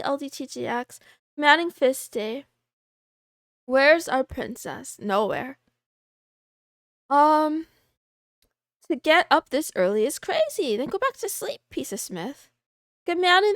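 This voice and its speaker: A woman with a high, bright-pitched voice talks casually on a livestream, reading out viewer names and greeting each one playfully. She throws in wry, self-mocking asides. The sound is close and dry, with no room around it. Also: no echo. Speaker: VTuber livestreamer.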